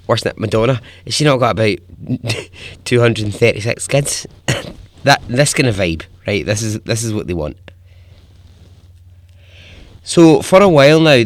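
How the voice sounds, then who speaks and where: A man's voice: medium pitch, no room sound. A man hosting a podcast, telling a story in a chatty, informal way, chuckling often and swearing casually. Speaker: podcast host.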